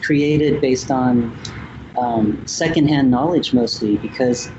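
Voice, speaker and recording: A man from Vietnam, a musician guest on an interview show, talking in a reflective way with many ums and pauses. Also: mid-range voice, dull audio, background noise. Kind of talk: casual interview talk.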